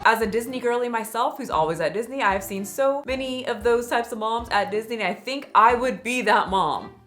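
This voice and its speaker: A woman's voice: fairly high pitch, brisk, fairly bright tone, faint music behind. Sarcastic young woman doing commentary. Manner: sarcastic, self-mocking, joking asides. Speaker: commentary YouTuber. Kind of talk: casual commentary.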